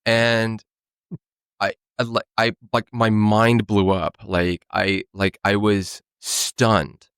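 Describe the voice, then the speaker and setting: Low gravelly man telling his story. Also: flat delivery, fairly bright tone, no echo. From California. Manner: halting, many restarts and "you know". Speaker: podcast guest sharing recovery story. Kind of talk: casual storytelling.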